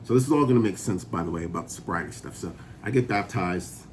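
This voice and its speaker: A man telling his personal testimony in a relaxed, chatty way, often laughing as he goes. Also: low voice, quick pace, a little hiss or hum. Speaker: vlogger sharing a sobriety testimony. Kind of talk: casual personal storytelling.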